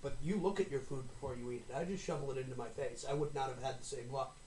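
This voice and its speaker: A man's voice: medium pitch, fast, a little mellow. A man chatting casually, cracking wry jokes. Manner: joking, wry one-liners. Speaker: musician. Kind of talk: casual podcast chat. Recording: roomy with faint noise.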